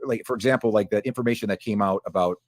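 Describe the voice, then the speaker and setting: A man in a casual stream chat, rambling quickly with many restarts. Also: fairly low pitch, no echo, clean studio sound.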